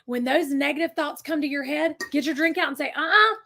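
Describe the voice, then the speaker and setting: A middle-aged woman hosting a motivational team video, energetic and preachy. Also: sits high, brisk, noisy background. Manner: energetic, preachy, calls out y'all. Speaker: sales director hosting a weekly team video. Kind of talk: motivational pep talk.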